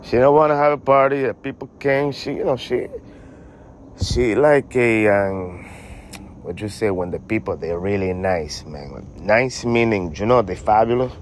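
A man's voice: on the low side, unhurried, a little hiss or hum. A man co-hosting a casual comedy podcast, rambling in slang and calling people honey and man. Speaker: podcast co-host.

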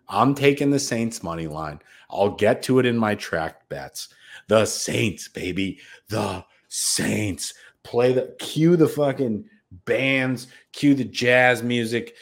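A man co-hosting a sports betting podcast, talking in a brash, profane, hyped-up way. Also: mid-range voice. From United States. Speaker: podcast co-host. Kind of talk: casual sports betting chat.

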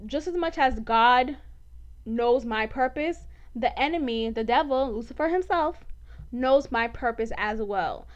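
A woman's voice: on the high side, measured pace. A woman hosting a faith podcast, talking candidly and with animation, often laughing and saying "like" a lot. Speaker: podcast host. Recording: dull lo-fi podcast audio.

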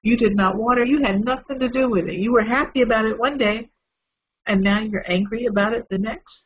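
A man's voice: high-pitched, brisk, highs cut off, a little hiss or hum, voice pushed up, natural voice. A man voicing God as a stern male figure who rebukes with pointed questions. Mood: rebuking.

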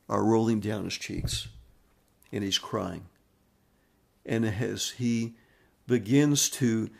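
A man's voice: mid-range voice, creaky, breathy edge. A man hosting a podcast, telling a story in a rambling monologue full of fillers and restarts. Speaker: podcast host.

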